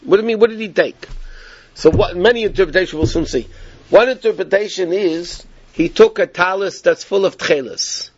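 A man teaching a Torah class, telling the story in a lively, animated way, with frequent restarts. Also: sits high, normal speed, lo-fi sound, slight background noise.

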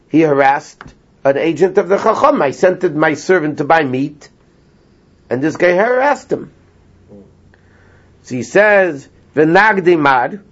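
Animated male teacher, slightly high voice. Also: husky. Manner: animated storyteller, translating line by line, laughs often. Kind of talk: retelling and explaining a text to a small class. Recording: lo-fi dull sound.

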